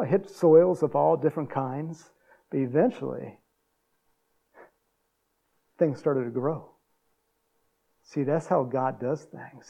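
A man preaching a sermon in a folksy, chuckling way, acting out quotes in a higher voice. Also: vocal fry, dark tone, husky. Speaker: pastor.

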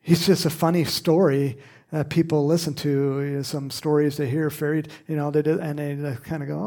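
A man preaching a sermon in an animated, conversational way, with asides and laughs. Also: on the high side, moderate pace.

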